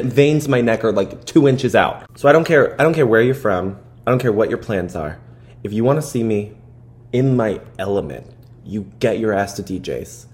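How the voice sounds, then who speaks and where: A young man with a New Jersey accent, hosting a podcast and ranting in an animated, profane, exaggerated way from a basement. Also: mid-range voice, breathy edge. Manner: animated, profane, hyperbolic ranting with frequent laughs. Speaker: podcast host. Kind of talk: casual comedic monologue. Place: parents' basement.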